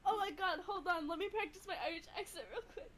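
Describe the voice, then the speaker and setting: A woman's voice: very high voice, fast talker, fairly bright tone, slight background noise. A woman chatting on a live art stream, playful and jokey, swearing and trying silly accents.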